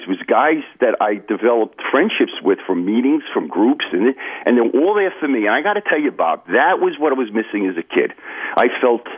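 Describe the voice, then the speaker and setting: Earnest man on a phone line. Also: mid-range voice. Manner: earnest, confiding, addresses host by name. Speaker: author and recovery guest. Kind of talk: radio interview, personal storytelling.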